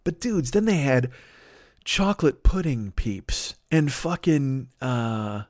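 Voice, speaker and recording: A man's voice: mid-range voice, takes it slowly, no echo, studio quality. A man in his fifties telling a rambling, crude comic monologue as a podcast host. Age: 50s. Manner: rambling, crude, animated storytelling.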